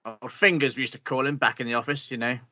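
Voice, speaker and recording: A man's voice: mid-range voice, steady tone, fast, pushed and bright, dry recording, lo-fi sound. A man playing a pompous, bitter older meteorologist with an upper-class English accent, blustering and grumbling in an improvised comedy interview. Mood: indignant. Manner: blustering, grumbling, swears mildly.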